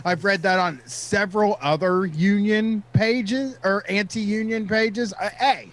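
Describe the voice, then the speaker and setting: Reading text aloud and commenting with sarcastic mockery, this man co-hosts a casual podcast talk show. He has a high voice and takes his time.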